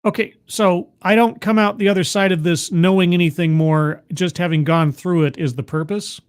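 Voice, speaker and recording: A man with a notably high speaking voice hosts a livestream, talking back at a video he is watching. His commentary is sarcastic and incredulous. He often stumbles and restarts his words. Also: steady tone, normal speed. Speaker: livestream host reacting to a video. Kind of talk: casual commentary.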